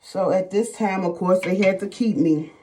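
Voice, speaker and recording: A woman's voice: medium pitch, normal speed, dark tone. A middle-aged woman vlogger telling viewers a personal story in casual chat, emphatic and repetitive, often calling them "y'all".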